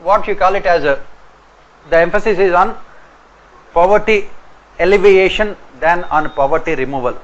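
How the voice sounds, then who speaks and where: Indian English male lecturer, slightly high, dictating exam points with deliberate repetition; dull lo-fi recording. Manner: repeats each point slowly for note-taking. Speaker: exam coaching teacher.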